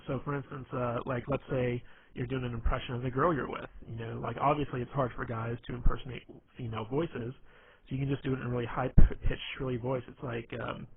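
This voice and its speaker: A man's voice: mid-range voice, little pitch movement, brisk, vocal fry, husky. A man giving casual advice on being funny, rambling and packing his talk with fillers like "you know". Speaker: dating and humor advice presenter. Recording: tinny phone-like line, faint hiss.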